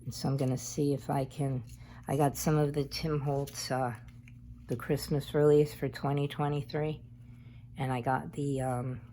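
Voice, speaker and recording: A woman with a deep, dark-toned voice walks through a craft tutorial, chatty and wandering as she works, over a little hiss or hum. She's a craft vlogger.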